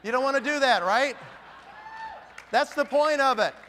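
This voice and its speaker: A man's voice: extremely high pitch, moderate pace, sharp tone, in a large hall, some chatter behind, a little hiss or hum. A man giving an emphatic motivational talk at a conference, firing off rhetorical questions. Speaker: motivational speaker.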